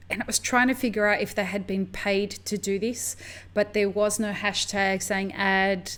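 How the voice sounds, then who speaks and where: Lively American woman hosting a podcast. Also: mid-range voice. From United States. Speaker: podcast host. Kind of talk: casual conversation.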